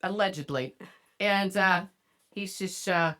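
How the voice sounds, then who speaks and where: A woman's voice: on the low side, normal speed. Potty-mouthed lady podcaster spinning a story, blunt, acts out all the voices. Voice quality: profane, blunt. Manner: animated storyteller who acts out other people's lines. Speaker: podcast host. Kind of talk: casual chat, storytelling.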